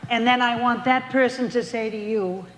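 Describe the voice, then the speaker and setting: A woman's voice: on the high side, normal speed, some chatter behind, slight background noise. Older woman stand-up, chatty storyteller, roomy hall echo with faint ambience. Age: 70s. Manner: chatty storytelling with voiced punchlines. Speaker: stand-up comedian. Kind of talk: stand-up routine in a casino showroom. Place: casino showroom stage.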